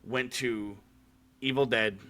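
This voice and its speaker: A man's voice: medium pitch, steady tone, takes it slowly, bright, forceful tone. A man hosting a podcast, casually recapping a horror short film, swearing freely and using lots of fillers. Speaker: podcast host. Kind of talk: casual chat.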